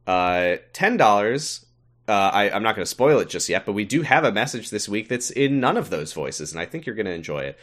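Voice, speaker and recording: A man's voice: lowish voice, very animated, a little fast, fairly bright tone. A man co-hosting a casual podcast, reading out the support tiers with wry, offhand swearing. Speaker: podcast co-host. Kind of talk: casual podcast chat, reading sponsor thanks.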